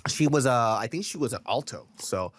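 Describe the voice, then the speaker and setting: A man's voice: medium pitch, lively intonation, fairly quick, a bit bright, dry recording, studio quality. A young man in casual chat, telling stories, swearing freely and laughing often.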